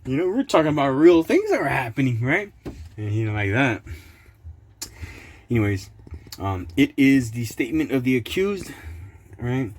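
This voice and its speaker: A man's voice: medium pitch, very animated, moderate pace, pauses often. A man hosting his own channel, reading court papers aloud in casual commentary, sarcastic and indignant, laughing often. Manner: indignant outbursts.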